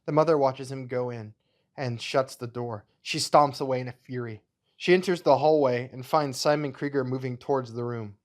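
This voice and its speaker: A man's voice: medium pitch, normal speed. A man hosting his channel, reading his own screenplay aloud in a plain, matter-of-fact way. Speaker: channel host.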